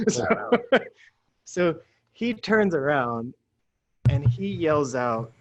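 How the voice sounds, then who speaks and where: A man, a guest on a talk show, telling a story casually. He talks in an animated way, laughs often and acts out the lines of people in his story. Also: fairly high pitch, very slow, pauses often.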